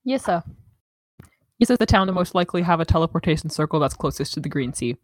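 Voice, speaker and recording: A woman playing a tabletop game, talking in a quick, matter-of-fact way. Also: deep voice, expressive, no echo, studio quality. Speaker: player. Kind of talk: casual game chat.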